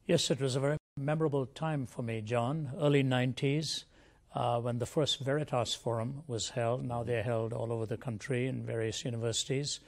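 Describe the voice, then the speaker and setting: A man's voice: medium pitch, steady tone, moderate pace. An older man from India, a Christian apologist, telling his life story as an interview guest in an earnest, reflective way.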